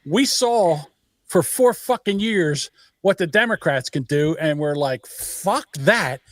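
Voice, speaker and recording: A man's voice: on the high side, expressive, a little slow, no echo, clean studio sound. A man co-hosting a podcast, sarcastic, profane and rambling in casual chat. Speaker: podcast co-host.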